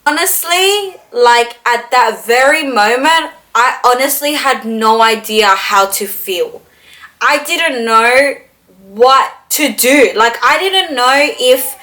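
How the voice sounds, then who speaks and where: A young woman tells a storytime to her camera, animated and loose, full of "like" and casual cursing. Her voice sits high and sounds bright and forward. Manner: animated, swears freely, fillers of "like". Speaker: beauty vlogger.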